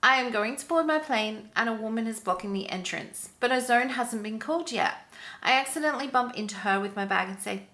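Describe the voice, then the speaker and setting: A woman hosting a channel, reading an online story aloud with expressive, sympathetic commentary. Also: a little high, brisk. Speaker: story narrator and channel host.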